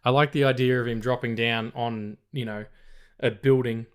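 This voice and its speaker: Male podcast host, middle pitch, casual, chatty, reads trivia off the cuff. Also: steady tone, moderate pace, clean tone. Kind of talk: casual film podcast chat.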